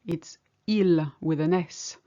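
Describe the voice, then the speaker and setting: Slow, patient woman teaching a lesson. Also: lowish voice, warm tone, dull audio. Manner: patient, explains step by step. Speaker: French teacher. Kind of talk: language lesson.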